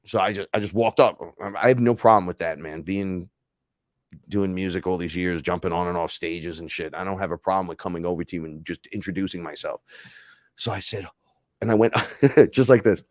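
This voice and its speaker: Man, podcast host, casual storyteller; low-pitched, excitable, foul-mouthed, loud-then-hushed delivery; dry close sound. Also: brisk, no room sound. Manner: profane, excitable, swings between loud and hushed. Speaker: podcast host recounting an experience.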